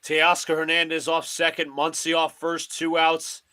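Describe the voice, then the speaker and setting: A man hosting a live fan stream, calling each pitch of a baseball game in short clipped phrases. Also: monotone, measured pace, pushed and bright, clear, resonant tone. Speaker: play-by-play host of a fan stream. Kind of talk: live fan play-by-play commentary.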